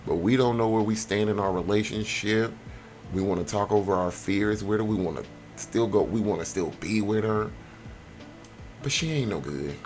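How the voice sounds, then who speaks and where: A young man giving casual, slangy commentary on a life-sim game, animated and given to sudden high squeals. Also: moderate pace, a little hiss or hum. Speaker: gameplay vlogger.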